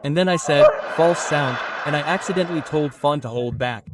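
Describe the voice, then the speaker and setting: A man in his thirties from Brazil doing stand-up, telling an animated story and acting out the lines of the people in it. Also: on the high side, fairly quick. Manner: animated, acts out quotes, swears casually. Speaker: stand-up comedian. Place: comedy stage with live audience. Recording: distant stage mic, audience noise.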